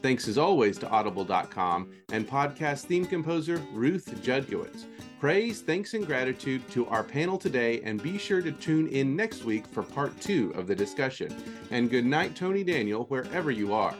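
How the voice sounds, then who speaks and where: A man's voice: mid-range voice, very animated, normal speed. A man hosting a podcast, giving an upbeat scripted sign-off from a soundproof booth. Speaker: podcast host. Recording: music bed under voice.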